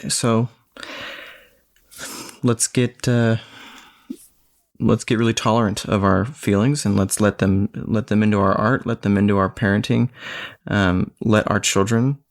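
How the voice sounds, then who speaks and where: Podcast co-host, male, low gravelly voice, animated and laughing storyteller. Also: unhurried, long pauses. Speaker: filmmaker and parent. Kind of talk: casual conversation.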